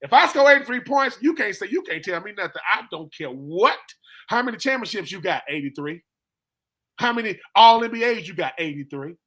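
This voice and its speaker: A man, a former player, telling stories with animated emphasis on a live-streamed sports talk show. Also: high voice, a little fast. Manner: animated storytelling, emphatic repetition. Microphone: live stream call.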